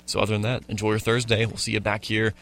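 A man co-hosting a morning sports radio show, wrapping up with a brisk sign-off in casual chat. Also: fairly low pitch, completely flat delivery, a bit bright.

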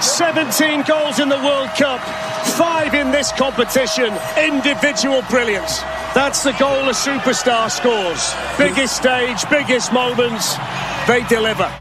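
A male soccer play-by-play commentator in a broadcast clip, shouting his goal calls with drawn-out excitement. His voice is very high and his delivery slow. A loud stadium crowd and heavy noise fill the background. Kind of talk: live match commentary.

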